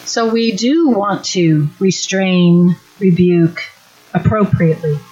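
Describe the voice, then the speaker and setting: A woman's voice: fairly low pitch, slow, darkish tone, slight background noise. A middle-aged woman giving an earnest, direct church teaching talk at a parenting workshop. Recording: dull lo-fi recording.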